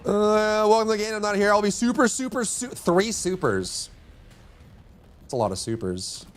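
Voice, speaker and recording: A man's voice: high voice, lively intonation, normal speed. A man streaming a game live, rambling and joking with his teammates in casual chat. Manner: rambling and jokey, chatting with teammates. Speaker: livestreamer and gamer.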